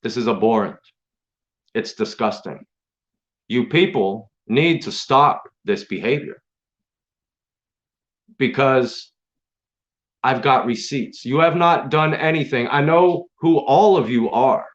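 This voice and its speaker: A man's voice: mid-range voice, expressive, takes it slowly, pauses often. A man hosting his own stream, delivering an angry, profane, confrontational rant straight at his critics. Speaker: online stream host. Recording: dull lo-fi sound.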